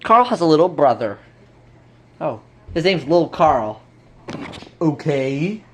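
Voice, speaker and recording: A woman casually acting out a play with toy bird figures, in a playful, lively manner. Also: low voice, takes it slowly, breathy edge.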